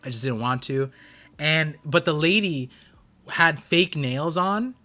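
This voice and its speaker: Man, streamer host, bright tense voice, fairly high, casual rambling chat. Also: animated, takes it slowly, faint music behind. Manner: rambling storytelling with many restarts.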